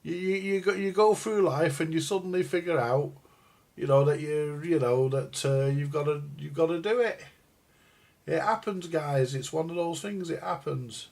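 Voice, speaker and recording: An older man with a gravelly, slightly mellow voice on the high side speaks at a moderate pace. He rambles on a live stream about records and radios as a record collector vlogger, crude and jokey, addressing viewers as "guys."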